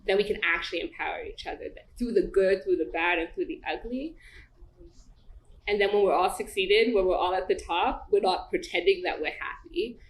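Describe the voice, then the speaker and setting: A woman's voice: medium pitch, fairly quick. A woman co-hosting a podcast, speaking earnestly and emotionally about hard experiences in a heartfelt conversation. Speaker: podcast co-host. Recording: echoey room with faint background noise.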